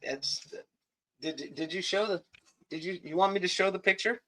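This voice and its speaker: A man's voice: high-pitched, normal speed, fairly bright tone. A man co-hosting a casual live stream, joking and reading viewer comments aloud. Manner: joking, reads chat aloud. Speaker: co-host.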